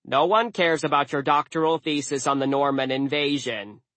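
A man's voice: a little high, normal speed, a bit bright, dry recording, natural voice. Man doing a bossy, know-it-all crow. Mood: exasperated. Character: pedantic, bossy male crow.

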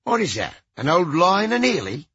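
A man's voice: high-pitched, huge pitch swings, normal speed, bright, forceful tone, breathy edge, dry recording, voice pushed up, exaggerated voice. A man voicing a crude, cranky old ex-rocker who talks in a blunt, profane way, on a slightly dull recording. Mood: gruff. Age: older.

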